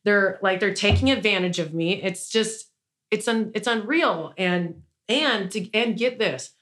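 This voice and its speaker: Speaking a little slowly in a medium-pitched, fairly bright voice, a business owner being interviewed rambles through her stories. She restarts often, says "like" a lot, and carries an indignant undertone.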